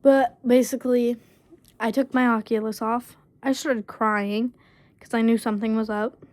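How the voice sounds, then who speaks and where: A woman's voice: fairly high pitch, fairly even intonation, darkish tone, no echo. A woman casually telling a personal story, leaning heavily on fillers like "basically" and "um". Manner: halting, full of fillers like "basically" and "um". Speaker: storyteller vlogger.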